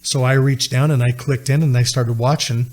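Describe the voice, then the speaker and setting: A man's voice: medium pitch, fairly even intonation, moderate pace, a little mellow. A middle-aged man telling a personal story as a podcast guest, acting out the voices of the people he quotes.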